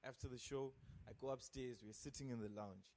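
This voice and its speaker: A comedian from Zimbabwe holds the floor on a podcast, spinning a rowdy story in loose, casual talk. His voice sits at an ordinary middle pitch, and he peppers it with curses and his own bursts of laughter. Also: fairly quick, a little hiss or hum. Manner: animated, swears a lot, laughs at his own jokes. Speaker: comedian guest.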